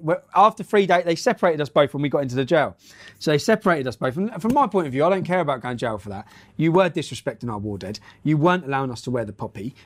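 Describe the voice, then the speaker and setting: A middle-aged man telling a story and reading news aloud bluntly, with frequent laughter and swearing. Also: a little high.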